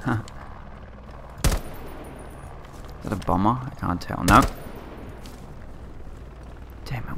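A man's voice: on the low side, very slow, vocal fry, long pauses, pushed and bright, a little hiss or hum. A man casually commenting on his own gameplay, muttering reactions and exclamations. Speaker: gamer. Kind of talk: casual let's play commentary. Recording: game audio with gunfire. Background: game gunfire.

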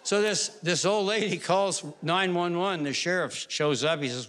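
A man's voice: sits high, moderate pace, hardly any pauses, fairly bright tone. Stand-up comic man in a reverberant hall. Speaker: stand-up comedian. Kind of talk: stand-up joke telling on a stage.

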